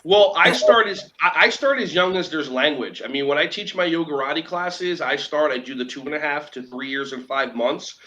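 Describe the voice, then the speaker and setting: A man, a children's yoga teacher, talking as a guest in an animated conversational way, acting out quoted dialogue with emphasis. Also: a little high, normal speed, few pauses, highs cut off, slight background noise.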